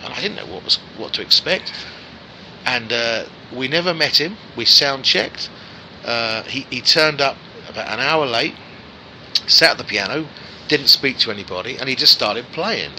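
A man's voice: mid-range voice, moderate pace, slight background noise, poor audio. A man in his forties, a guest musician, telling anecdotes in a casual chat and acting out the voices of the people in them. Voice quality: animated raconteur who acts out voices in his anecdotes.

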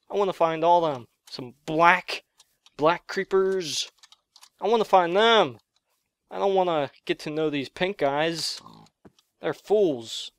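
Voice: mid-range voice, clear, resonant tone, no echo. A gamer giving let's play commentary while thinking aloud, gasping and yelping whenever something surprising happens.

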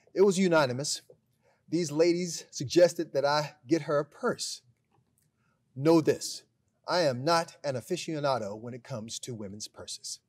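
A man, a school principal, giving a recorded graduation speech, telling a humorous story with deadpan timing and then addressing the graduates with emphatic pride. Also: medium pitch. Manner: emphatic, builds to proud address.

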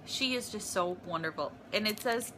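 A woman's voice: mid-range voice, animated, moderate pace, noisy background. A woman filming a casual unboxing vlog in her apartment, gushing and emotional over each gift. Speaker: vlogger.

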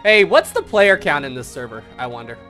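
A man's voice: fairly high pitch, sing-song, brisk, sharp tone, soft background music. A man hosting a live game stream, commenting playfully, laughing often and putting on theatrical farewells. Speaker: streamer and host.

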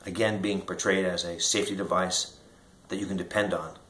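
A man's voice: deep voice, steady tone, brisk, fairly bright tone. A middle-aged man with a Midwestern American accent, an inventor telling an earnest story straight to the camera, acting out the voices in it. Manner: earnest storytelling, acts out quoted dialogue. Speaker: inventor and company founder. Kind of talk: direct-to-camera promotional talk. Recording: echoey room.

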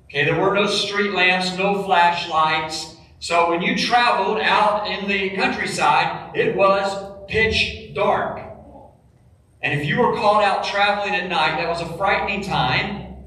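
A man preaching a sermon as pastor, emphatic, dropping low and quiet on key phrases. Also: a little slow, slight background noise. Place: church sanctuary. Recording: echoey church hall, mic from a distance.

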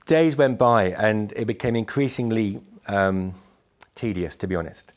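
Low-voiced man telling stories. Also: measured pace. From Britain. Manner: animated, acts out other people's lines; wry, amused asides. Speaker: musician recounting travels. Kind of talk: anecdotal storytelling to camera.

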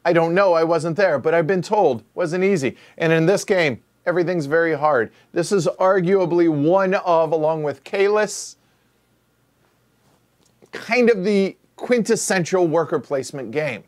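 A man with a voice a touch higher than most men's hosts a live board game stream. He talks casually and folksily, saying y'all, and rambles and restarts his lines. His tone stays easygoing and chatty throughout. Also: unhurried. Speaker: board game show host.

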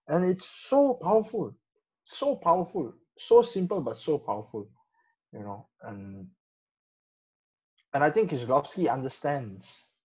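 A man in a casual film discussion, talking haltingly with many restarts and "you know" fillers. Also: mid-range voice, darkish tone, breathy edge. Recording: dull lo-fi sound.

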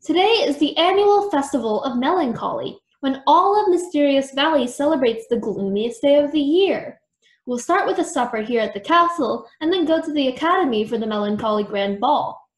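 A woman's voice: animated, moderate pace, echoey room. A woman voicing a theatrical, bossy gothic female mouse who talks in a dramatic, exclaiming way. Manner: dramatic, exclaiming, high-pitched.

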